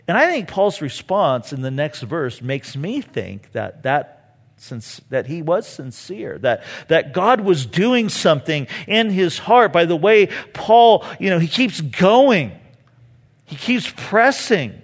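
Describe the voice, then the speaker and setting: Man, preacher, lively sermon, fairly high voice, long hall reverb. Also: a little slow. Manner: animated preaching, acting out quoted voices. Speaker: pastor.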